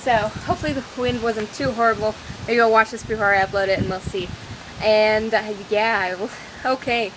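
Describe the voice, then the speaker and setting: A woman's voice: mid-range voice, steady tone, a little fast. A young woman chatting casually in a scattered, rambling daily vlog, filmed outdoors on a windy, rainy walk. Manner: rambling, scattered, self-deprecating. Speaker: vlogger. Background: wind and outdoor ambience.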